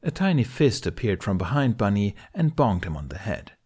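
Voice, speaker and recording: Man, story reader, lowish voice, calm, even narration. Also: normal speed, slightly rough. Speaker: podfic reader. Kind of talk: story reading.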